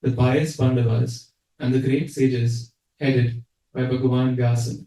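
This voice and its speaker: Dark-voiced man reading scripture. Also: mid-range voice, level tone. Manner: measured, formal reading. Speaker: scripture reader. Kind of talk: reading a verse translation. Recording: echoey room, mic at a distance.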